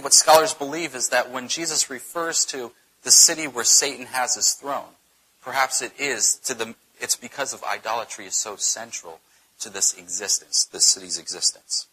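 Husky-voiced man teaching Bible study. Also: mid-range voice, low-quality recording. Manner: conversational, animated storytelling with tag questions.

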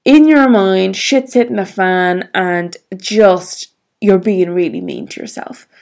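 A woman's voice: mid-range voice, gravelly, a little mellow. A woman vlogger telling a personal story in a frank, reflective way, swearing freely.

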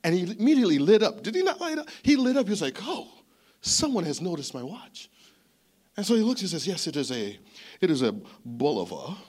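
Pastor guy preaching, chatty and animated, kinda high voice, repeats himself a lot. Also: brisk. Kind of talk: sermon storytelling.

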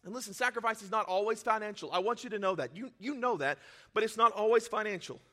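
Pastor guy preaching, emotional, goes quiet then loud, kind of a high voice. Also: quick pace. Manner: emotional, swings from quiet to shouting; self-deprecating, laughs at himself. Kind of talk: sermon.

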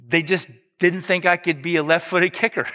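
A man preaches in a high voice, breaking off into casual jokes and correcting himself mid-sentence. His tone stays easygoing and talky rather than formal. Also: steady tone, normal speed, pushed and bright, big-room sound. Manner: conversational, joking asides, self-correcting. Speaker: pastor. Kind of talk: sermon.

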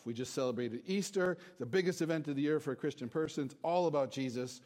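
A man's voice: fairly high pitch, fast talker, few pauses, a little mellow. Joking, chatty man preaching. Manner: chatty, self-deprecating, joking with the congregation. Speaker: pastor. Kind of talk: casual sermon with jokes. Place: church hall before a congregation.

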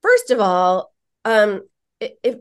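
A woman psychotherapist telling a story in a podcast interview, animated, emphatic and frank. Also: mid-range voice, slow.

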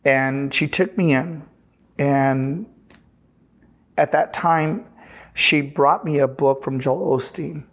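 A pastor from Texas telling his personal testimony in an earnest, halting way, often restarting sentences and retelling conversations. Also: fairly high pitch, a bit bright. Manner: earnest, halting, with frequent restarts and retold dialogue.

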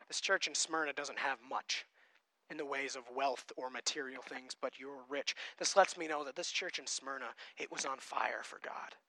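Emphatic high-voiced male preacher. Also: no echo. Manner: emphatic, swings from loud to quiet. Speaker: pastor. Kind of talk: sermon.

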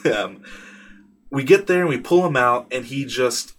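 A man's voice: medium pitch, sing-song, normal speed. A young man hosting a podcast, telling a rambling, candid story in a casual monologue and swearing freely. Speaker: podcast host.

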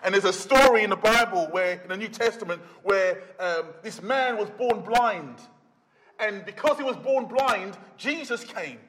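A man with a high voice preaches a sermon with dramatic flair. He acts out the voices of the people in his Bible stories and swells to loud emphasis. His voice rings with the long reverb of a church hall. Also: normal speed.

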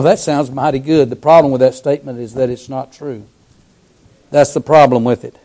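A man preaching a sermon, fervent, swinging from loud cries to hushed lines. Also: a little high.

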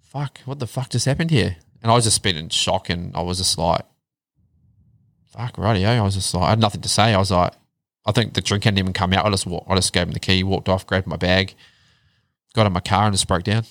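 Thirties New man, low-pitched and candid, swears casually, dry close mic. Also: fairly even intonation, brisk, fairly bright tone, no echo. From New Zealand. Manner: candid storytelling, swears freely, drops to a low murmur on hard parts. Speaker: guest. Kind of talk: casual chat.

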